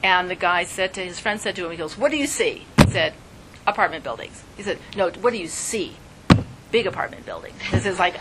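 A woman's voice: mid-range voice, noisy background. Chatty woman telling teaching stories. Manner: chatty, animated storytelling with little laughs. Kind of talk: casual spoken teaching.

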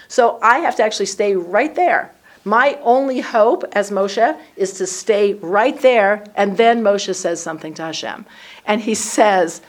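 Woman leading a Torah class, chatty and animated, acting out the verses in an even middle register. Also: mid-range voice. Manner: lively, acts out the dialogue in the text. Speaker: Torah study teacher. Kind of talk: conversational Bible class teaching.

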